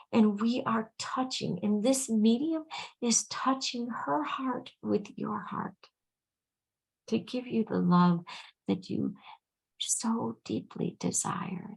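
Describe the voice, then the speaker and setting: A woman channeling on a video call, speaking slowly and soothingly as a collective "we", sometimes dropping to a hushed whisper. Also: fairly high pitch, low-quality recording. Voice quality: creaky, husky, drifting into soft whispers. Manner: slow, soothing, speaks as a collective "we", often murmurs "dear one". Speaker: channel giving intuitive readings.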